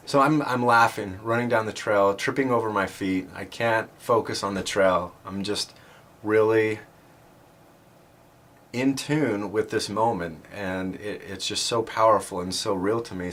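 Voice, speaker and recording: Man, lower-pitched, earnest storyteller who laughs at himself, halting delivery, light background hiss. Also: a bit bright. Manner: earnest and self-deprecating, with halting restarts. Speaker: speaker sharing a personal faith story. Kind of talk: personal storytelling talk.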